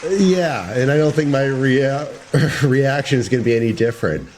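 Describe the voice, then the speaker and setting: A man's voice: medium pitch, normal speed, darkish tone, a little hiss or hum. A man chatting casually on a podcast with his cousin, laid-back, laughing often, with a dry sense of humor. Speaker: podcast co-host, the host's cousin. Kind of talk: casual chat.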